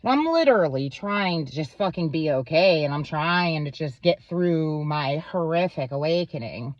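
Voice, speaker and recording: A woman's voice: sits low, lively intonation, moderate pace, dry recording, lo-fi sound. A woman vlogger in a rambling, profane monologue to camera, full of fillers. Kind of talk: casual ranting monologue to camera.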